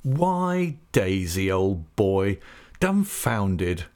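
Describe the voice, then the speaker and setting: A man reading an audiobook, voicing a jovial, careless young gentleman who talks in a hearty, mocking way. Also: sits low, big pitch swings, very slow, full character voice. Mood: jovial teasing. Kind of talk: audiobook character voice.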